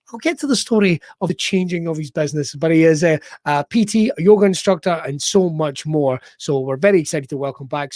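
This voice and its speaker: A Scottish man hosting a podcast with a bright, high voice. He talks like an upbeat showman and cracks jokes. The sound is close and dry. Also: no room sound. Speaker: podcast host. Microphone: remote call.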